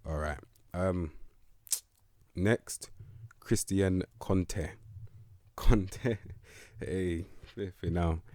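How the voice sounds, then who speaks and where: A man's voice: deep voice, fairly even intonation, drawn-out words, pauses often, darkish tone, no room sound, clean studio sound. A young man giving blunt, slang-heavy commentary on a football management game. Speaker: gaming video host.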